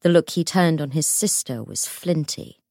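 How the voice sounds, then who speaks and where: A woman reading an audiobook in measured, dramatic scripted narration. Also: deep voice, a little mellow, dry recording, clean studio sound.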